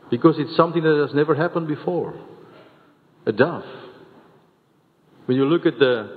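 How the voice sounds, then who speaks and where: A man from South Africa preaching a sermon, earnest and repeating words as he builds each point. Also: mid-range voice. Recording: tinny phone-like sound, long hall reverb.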